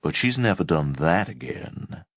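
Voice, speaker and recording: A man voicing a stern, pompous male chief resident doctor with a soft Southern accent, speaking in a slow, clipped, condescending way. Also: sits low, sing-song, no room sound, clean studio sound, full character voice. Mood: smug.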